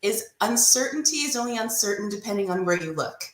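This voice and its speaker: A woman's voice: medium pitch, expressive, fairly quick, roomy sound, poor audio. A woman telling a faith story and teaching as a guest on a talk show. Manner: earnest storytelling.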